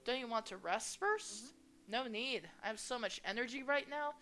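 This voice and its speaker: A young woman reading a visual novel aloud as a gaming host, expressive and playful as she voices each character. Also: fairly high pitch, moderate pace. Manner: expressive, reads each character's lines with shifting energy.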